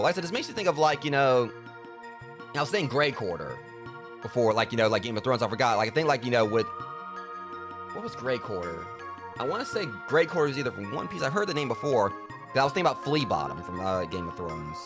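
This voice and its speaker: A man's voice: medium pitch, big pitch swings, brisk, over music. A man giving casual gameplay commentary as a let's play host, rambling with lots of fillers.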